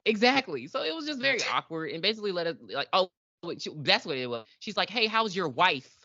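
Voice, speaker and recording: A woman's voice: fairly low pitch, big pitch swings, fast, pushed and bright, no echo, dull audio. A woman co-hosting a podcast in casual review chat, talking with lots of fillers and acting out characters' lines. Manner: chatty, filler-heavy, acts out characters' lines. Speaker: podcast co-host.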